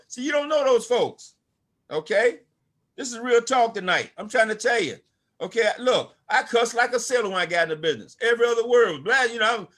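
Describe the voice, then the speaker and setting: High-voiced older man preaching success. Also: fairly bright tone. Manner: preachy, emphatic, calls out to listeners. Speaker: network marketing speaker. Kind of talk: motivational talk to an online audience.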